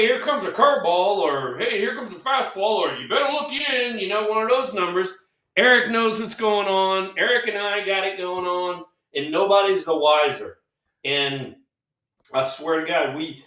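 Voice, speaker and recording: A middle-aged man and former ballplayer co-hosting a sports talk show, telling anecdotes in a relaxed way and checking in with "all right?". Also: on the high side. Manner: laughing, anecdotal storytelling with "all right?" tags. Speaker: podcast co-host, former ballplayer. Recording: echoey room, distant mic.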